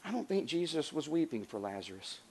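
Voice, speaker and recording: A man preaching a sermon as pastor, earnest, rising to emphatic lines and dropping to soft hushed passages. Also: a little high, big pitch swings, a little fast, slight background noise.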